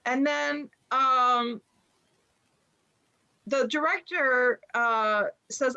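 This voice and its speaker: A woman's voice: fairly high pitch, unhurried, a bit bright. A middle-aged woman from the United States, an author and journalist, tells a personal story in conversation at home over a video call. She uses many fillers and acts out the people she quotes. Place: home room with bookshelves behind her. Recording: dull lo-fi sound.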